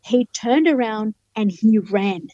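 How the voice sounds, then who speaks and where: This guest is a middle-aged human rights lawyer who tells her own story with flair, performing other people's dialogue. She speaks slowly in a somewhat high, dark-toned voice, captured in a dry, lo-fi recording.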